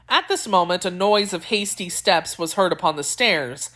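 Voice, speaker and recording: A woman's voice: on the low side, expressive, moderate pace, hardly any pauses, a bit bright. Woman reading a classic novel. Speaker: audiobook narrator.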